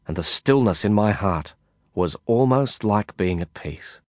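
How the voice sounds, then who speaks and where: A man reading a first-person audiobook narration in a measured, reflective way. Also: lowish voice, lively intonation, darkish tone, no room sound, studio quality.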